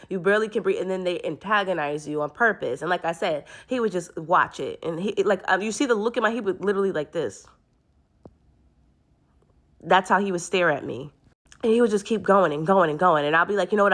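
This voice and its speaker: A woman's voice: fairly low pitch, a bit bright. A woman telling a personal story to camera in an earnest, rambling way, often restarting her sentences. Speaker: vlogger.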